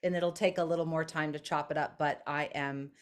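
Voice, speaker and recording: Lower-voiced woman on a video call. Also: fairly even intonation, fairly quick, clean tone. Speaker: technical support for the summit.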